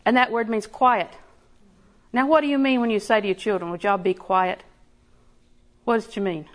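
A woman's voice: a little high, brisk. A woman preaching a sermon in a conversational way, laughing often and building emphasis.

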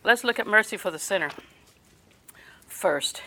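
An older woman preaching a sermon, folksy and storytelling, often dropping her voice soft. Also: medium pitch, lively intonation, a little slow, slight background noise, low-quality recording.

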